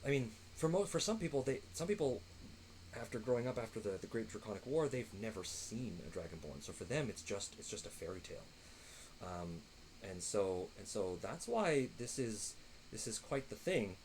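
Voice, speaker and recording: Guy game master rambling to chat, lots of ums, lively pitch, light hiss. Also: moderate pace, poor audio. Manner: rambling, lots of fillers and restarts. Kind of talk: narrating a tabletop game on stream.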